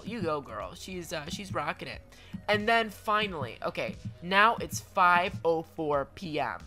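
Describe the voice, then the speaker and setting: A man's voice: on the high side, pushed and bright. A young man giving chatty, playful commentary over a video game, with lots of stammered restarts and mock-dramatic asides. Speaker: gaming commentator.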